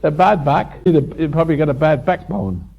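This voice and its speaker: A man's voice: fairly high pitch, normal speed, gravelly. Rambling man lecturing on a dull old tape. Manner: rambling and repetitive, chuckling, teasing the audience. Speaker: seminar speaker. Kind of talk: live spiritual lecture to an audience. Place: hotel function room before a live audience. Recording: dull lo-fi 1990s seminar tape.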